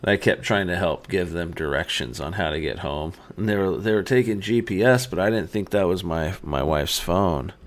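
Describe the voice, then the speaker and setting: A man's voice: sits low, moderate pace, hardly any pauses. A man chatting casually on a live stream just after having his wisdom teeth out, a rambling storyteller who laughs a lot.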